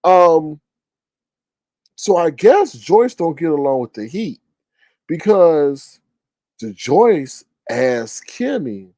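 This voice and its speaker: A man giving casual commentary in an animated, slangy way, repeating phrases for emphasis. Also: a little high, takes it slowly, long pauses, no echo.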